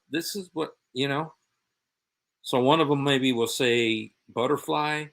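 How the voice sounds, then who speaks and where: Male host, mid pitch, pointed and sarcastic, talks straight at an absent rival. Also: a bit bright. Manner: sarcastic, repeats quoted phrases pointedly; emphatic, addresses an absent opponent directly. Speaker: show host. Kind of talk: commentary on played clips.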